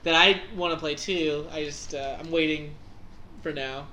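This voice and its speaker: A man's voice: a little high, steady tone, moderate pace, bright, forceful tone, a little hiss or hum. A man co-hosting a casual podcast chat, rambling and filling his speech with "like". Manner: rambling, many filler "like"s.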